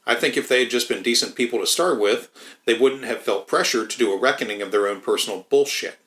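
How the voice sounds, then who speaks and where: A man's voice: mid-range voice, fast talker, fairly bright tone, echoey room, poor audio. A man in casual podcast chat, rambling with lots of swearing and restarts. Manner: rambling, profane, many restarts.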